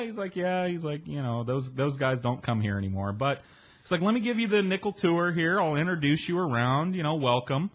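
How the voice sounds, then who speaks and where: A man's voice: mid-range voice, brisk. A man casually telling a long story about a party, acting out the other people's lines and swearing freely along the way. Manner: animated, acts out voices of people he met; swears freely, chatty and self-mocking.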